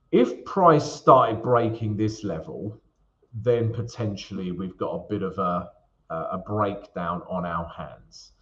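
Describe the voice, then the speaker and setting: A man's voice: medium pitch, fairly bright tone. Guy doing a live trading q&a stream, loose and chatty, lots of ums and okays, kinda dull lo-fi sound. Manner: chatty, frequent fillers and tag questions. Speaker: forex trading host. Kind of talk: live stream Q&A, chart analysis.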